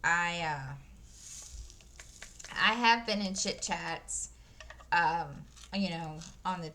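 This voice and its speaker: This crafting channel host, a woman in her 50s, stitches while chatting to viewers, rambling with lots of fillers and restarts. Speaking slowly in a low, pushed, bright voice, she's recorded on a desk microphone with a little hiss or hum.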